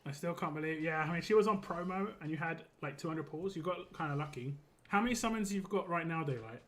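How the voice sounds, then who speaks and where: A man's voice: fairly high pitch, fast, fairly bright tone. Chatty man streaming a game. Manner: chatty and rambling, laughs easily. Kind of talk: casual live-stream chat.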